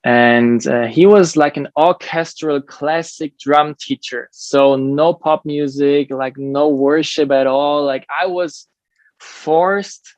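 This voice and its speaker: A German man with a German accent, a drummer who also teaches drums, speaks as a podcast guest in a drum lesson room. His fairly high voice is steady and slow, with no echo, and he sounds friendly and earnest, using lots of fillers in a casual interview.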